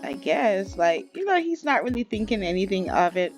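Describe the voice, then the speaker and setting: A woman's voice: medium pitch, very animated, moderate pace. A woman giving casual, chatty gameplay commentary as a YouTuber, often laughing and calling the viewers y'all. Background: faint background music.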